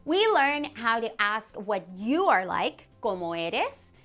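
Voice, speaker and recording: A woman teaching a beginners' language lesson, a native Spanish speaker who says example phrases slowly and clearly and praises the learner. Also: on the high side, big pitch swings, fairly bright tone, soft background music. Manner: clear, slow modeling of example phrases, encouraging.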